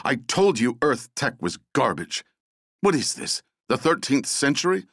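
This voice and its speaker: A man's voice: medium pitch, sing-song, unhurried, fairly bright tone, no room sound, clean studio sound, pitched above the performer's own voice, full character voice. A man voicing a brash, impatient young woman exterminator in an audiobook. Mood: scornful. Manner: bold, impatient, scornful.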